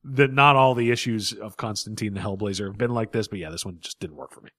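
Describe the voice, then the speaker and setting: A man's voice: on the low side, fast talker, a bit bright, no room sound, clean studio sound. A middle-aged man co-hosting a casual comic book podcast, blunt and opinionated, often laughing. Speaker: podcast co-host.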